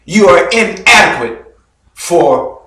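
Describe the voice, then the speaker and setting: A male bishop delivers a sermon in a high, very animated voice, taking his time over every phrase. He tells his story dramatically, alternating loud bursts with hushed drops. The sound comes from well back from the mic and rings around a very reverberant church hall. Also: slow. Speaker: bishop preaching. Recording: very echoey hall, mic far off.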